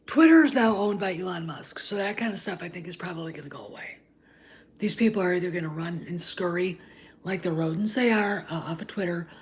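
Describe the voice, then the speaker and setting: Lady vlogger on a heated rant, kinda low voice, keeps going "okay?" and half-whispering. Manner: heated and scornful, repeats "okay?", drops into breathy asides. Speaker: channel host. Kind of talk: ranting commentary vlog.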